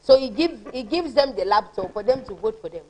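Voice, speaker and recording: A woman with a Ghanaian English accent hosts a casual TV panel chat, her voice sitting a little high. She laughs a lot and trips over restarts as she talks. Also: lively intonation, brisk, mellow, poor audio. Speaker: TV talk show host.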